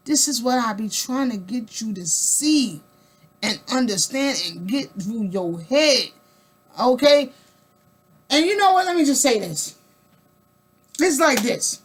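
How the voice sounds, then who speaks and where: A female vlogger with a high, husky, animated voice talks unhurriedly and directly to her viewers in a casual monologue. Emphatic and colloquial, she repeats words for weight, throws rhetorical questions at the listener, and rambles with restarts while building her point.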